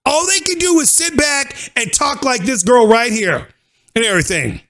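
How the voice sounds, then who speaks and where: A man's voice: very high-pitched, lively intonation, moderate pace. A man giving a heated, slang-filled video commentary and lecturing his viewers. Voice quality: forceful, preachy rant with slang. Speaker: YouTube commentator. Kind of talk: ranting commentary.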